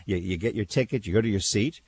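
An older man hosting talk radio, telling stories in casual chat with a husky voice and lots of repeated words. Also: on the low side, quick pace, a little hiss or hum. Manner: animated storyteller, repeats words, laughs.

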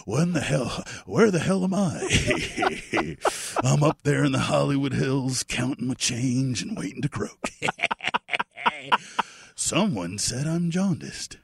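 A sly aging Hollywood star with a gravelly, drawling delivery, as a man puts him on. His voice is rough and husky. His pitch swings widely. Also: wildly swooping pitch, slow, exaggerated voice.

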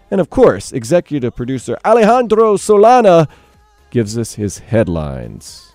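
A young man talks over soft music with a warm, mellow tone, dry and close in a radio studio. He runs lively sports promos, playfully jumping up in pitch to hype what comes next. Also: normal speed, no echo. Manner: energetic, playful, jumps high in pitch for emphasis. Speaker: radio host.

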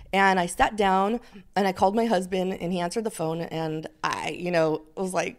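Animated middle-aged woman telling a story. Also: fairly low pitch, normal speed. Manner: animated storyteller, acts out quotes. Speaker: podcast guest. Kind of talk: casual interview chat.

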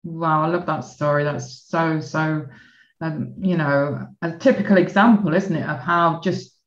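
Low-voiced woman host in a roomy, dull recording. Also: steady tone, unhurried. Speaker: interview host. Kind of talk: casual conversation.

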